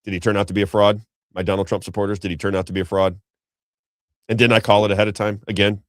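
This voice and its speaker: Fast-talking low-voiced male commentator. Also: little pitch movement, fairly bright tone, dry recording, studio quality. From Missouri, USA. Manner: rambling, emphatic, repeats himself, addresses co-host. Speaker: political commentary host. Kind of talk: unscripted political commentary.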